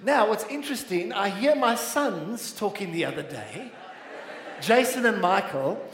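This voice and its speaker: A man's voice: sits high, animated, unhurried, a bit bright. A man with a South African accent preaching a sermon earnestly and calling out to the congregation. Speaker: pastor. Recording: echoey church hall.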